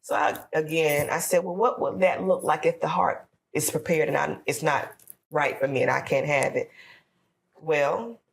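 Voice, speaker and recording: On a podcast, a Floridian woman shares an emotional story of her own, voicing her prayers and other people's words. She speaks at a moderate pace in a low, steady, creaky voice.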